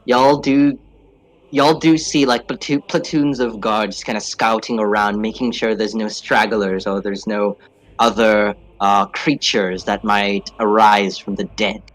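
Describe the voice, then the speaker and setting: A man narrating as game master in a casual way, with fillers, drawn-out phrasing. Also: lowish voice, fairly even intonation, a bit bright, rough recording.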